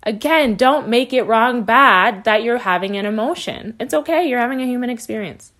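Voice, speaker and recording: A woman's voice: fairly high pitch, lively intonation, moderate pace, a bit bright. A woman hosting a podcast as a coach, talking in a reassuring, encouraging monologue and repeating her key phrases.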